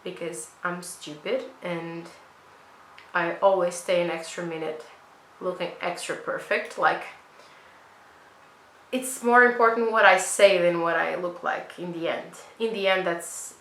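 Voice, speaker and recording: Bright-voiced woman chatting through a makeup tutorial. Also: fairly low pitch, steady tone, measured pace, echoey room, poor audio. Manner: chatty, self-mocking, rambling asides. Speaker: beauty vlogger. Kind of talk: casual makeup tutorial chat.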